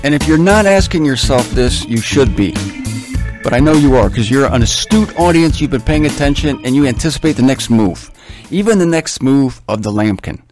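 A man teaching through a Bible passage in a conversational, animated way, with wry asides and humor. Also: medium pitch, moderate pace, faint music behind.

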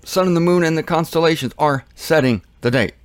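A man's voice: a little high, a little fast, no room sound. A man hosting a casual Bible teaching show, rambling and joking, often trailing off and restarting.

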